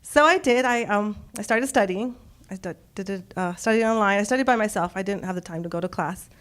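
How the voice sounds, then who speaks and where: A woman's voice: medium pitch, a little fast, a bit bright, clean tone. A middle-aged woman telling a personal story on stage, emotional and laughing often as she quotes others.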